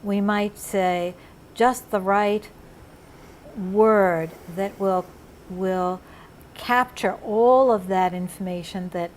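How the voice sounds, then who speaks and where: A woman's voice: mid-range voice, fairly even intonation, takes it slowly, a little mellow. A woman interviewer with a mid-range voice shares her view with a fellow therapist. She speaks earnestly, trailing and restarting as she searches for words. A faint noise sits under the recording. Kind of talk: reflective interview conversation.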